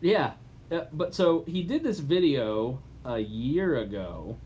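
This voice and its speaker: A man co-hosting a podcast in casual chat. His voice sits at an ordinary middle pitch. He talks loosely, stumbling into fillers and restarts. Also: expressive, takes it slowly, a little mellow, slight background noise. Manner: chatty, with frequent restarts and fillers. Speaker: podcast co-host.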